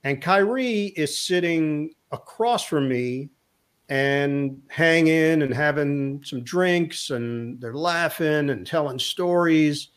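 A middle-aged man and sports broadcaster, a guest telling a lively anecdote in an interview, acting out the lines of the people in his story. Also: fairly high pitch, slow pace, smooth. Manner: lively anecdote teller who acts out quotes.

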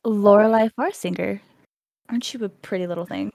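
A woman player at a tabletop game, speaking in short lines with a gravelly edge. The sound is dry, with no room around it. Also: mid-range voice, fairly quick, darkish tone, no room sound.

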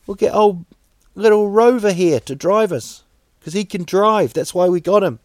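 A man with a New Zealand accent hosting a solo podcast, rambling deadpan jokes with many fillers and restarts. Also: high-pitched, moderate pace, no echo, studio quality. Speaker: podcast host. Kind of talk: solo comedic podcast monologue.

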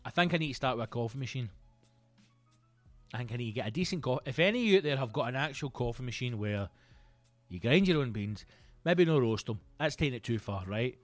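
A Scottish man in his thirties hosting a solo comedy podcast, telling rambling, sweary, animated stories. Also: mid-range voice, fast, dry recording, faint music behind. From Scotland. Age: 30s.

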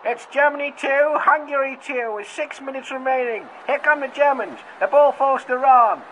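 A man's voice: extremely high pitch, normal speed, a bit bright, pitched above the performer's own voice. A man voicing an old-fashioned English radio football commentator who curses at the opposing team. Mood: bitter. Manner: clipped commentary turning to cursing. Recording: noisy archive-style radio sound.

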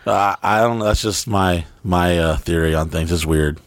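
A man's voice: deep voice, normal speed, no room sound. A man hosting a podcast in casual chat before a live audience, blunt and swearing heavily as he muses. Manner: blunt, heavy swearing, musing. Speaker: podcast host.

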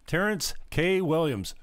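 Man, political commentary host, sarcastic rant, animated delivery, dry recording. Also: fairly high pitch, clean tone, no room sound. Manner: heated, sarcastic, jumpy. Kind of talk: ranting commentary over clips.

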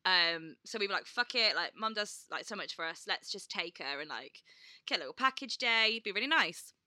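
A very bright, sharp-toned woman in her thirties, chatting as a podcast co-host. She tells family stories with lots of "like" and acts out what people said. The sound is close and dry. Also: medium pitch, expressive, brisk, dry recording. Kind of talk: casual chat.

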